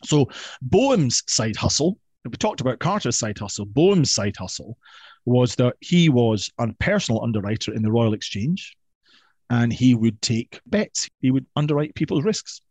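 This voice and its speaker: A man telling a history story with playful, emphatic energy, his pitch in a middle register. The sound is close and dry, with no room echo. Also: very animated, normal speed, a little mellow, slightly rough. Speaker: guest historian.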